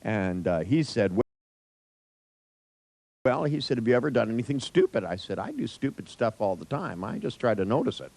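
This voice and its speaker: A man's voice: medium pitch, sing-song, moderate pace, creaky, darkish tone, low-quality recording. An older man telling a rambling personal anecdote in a wry, profane way, with many restarts and asides.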